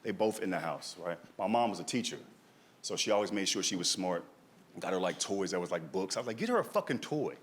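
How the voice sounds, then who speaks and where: Animated male stand-up comedian. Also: low voice, brisk. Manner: animated, tags lines with "right?" and "dog". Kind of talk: stand-up storytelling. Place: comedy stage.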